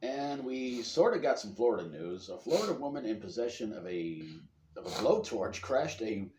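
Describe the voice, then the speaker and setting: A sarcastic male podcast host riffing on odd news stories, his pitch bouncing widely as he mocks them. His voice rings in a roomy space with a faint hum behind it. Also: sing-song, normal speed. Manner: sarcastic, joking, loud bursts of laughter. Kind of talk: casual comedic news chat.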